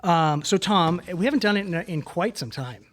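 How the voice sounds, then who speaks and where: A man co-hosts a casual podcast, rambling and restarting his sentences. His voice sits a little high. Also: animated, normal speed. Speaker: podcast co-host. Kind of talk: casual chat.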